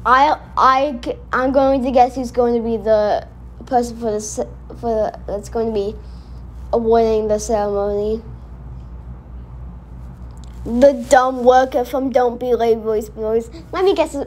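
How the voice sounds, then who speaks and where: Woman reacting to a cartoon, kinda high voice, rambles and trips over her words a lot, gets worked up. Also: measured pace. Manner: rambling, self-correcting, excitable. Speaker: reaction video host. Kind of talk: casual reaction commentary.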